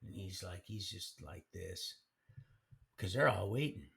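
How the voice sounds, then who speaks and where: A man's voice: deep voice, expressive, a little slow, creaky, fairly bright tone. A man casually telling his life story on a live stream, rambling and colloquial, with frequent restarts. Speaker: livestream storyteller. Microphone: streaming mic.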